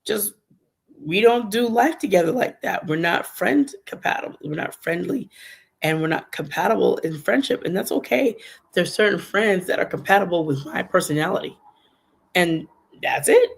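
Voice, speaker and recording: A woman hosting a faith podcast livestream, talking in an animated, emphatic way and speaking to viewers in the chat. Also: fairly low pitch, normal speed, vocal fry, breathy edge. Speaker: podcast host. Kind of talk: casual devotional livestream talk.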